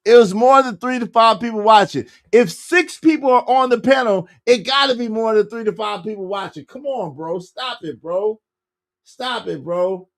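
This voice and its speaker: A man's voice: high-pitched, moderate pace, gravelly, no echo, clean studio sound. A man hosting a casual livestream, reading viewer comments aloud and calling out guests and viewers by name. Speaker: show host.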